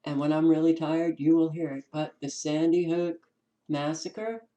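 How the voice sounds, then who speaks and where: A woman with a New York accent, hosting her own channel and giving casual commentary as she reads from documents, pausing with ums and restarting words. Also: deep voice, flat delivery, warm tone, rough recording. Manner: unhurried, stops to restart words, many ums. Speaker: channel host.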